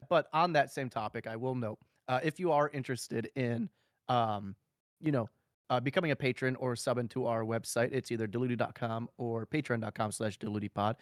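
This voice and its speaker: A man hosting a podcast, loose and rambling, cracking jokes and laughing through the housekeeping. His voice sits at an ordinary middle pitch. The sound is close and dry, with no room in it. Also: brisk, dry recording. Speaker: podcast co-host. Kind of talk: casual podcast chat.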